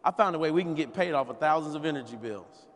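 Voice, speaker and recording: A man giving a folksy, animated sales training talk, acting out conversations and repeating key phrases. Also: a little high, fast. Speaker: business opportunity trainer. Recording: long hall reverb, live event.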